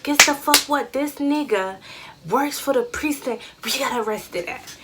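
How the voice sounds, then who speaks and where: A woman voicing her excitable female friend who gossips eagerly. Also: sits high, a little slow, very noisy, pitched above the performer's own voice. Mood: gossipy.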